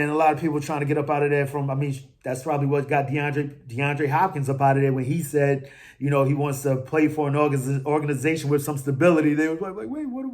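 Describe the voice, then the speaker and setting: Animated slangy man talking football. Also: a little high. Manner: animated, trash-talking, slangy with frequent fillers. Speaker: fan podcast host. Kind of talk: casual fan commentary.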